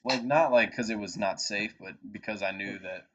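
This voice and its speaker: A man in his twenties, a podcast co-host telling a long anecdote in a casual, animated and profane way. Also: lowish voice, normal speed. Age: 20s. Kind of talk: casual storytelling chat. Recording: dull lo-fi podcast audio.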